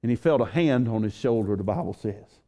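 A male pastor delivers a sermon in a warm, mellow voice. He builds intensity and repeats key phrases for emphasis. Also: on the low side, animated, fairly quick.

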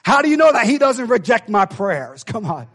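A pastor preaching a sermon, emphatic and calling out to the congregation, swinging from hushed talk to shouting. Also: male voice, very high-pitched, big pitch swings, moderate pace.

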